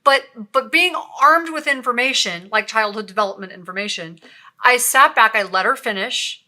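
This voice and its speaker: A middle-aged woman co-hosting a podcast, telling stories in a lively, animated way. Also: on the high side, moderate pace. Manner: lively storyteller, animated when quoting. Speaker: podcast co-host, nurse. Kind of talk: casual podcast conversation.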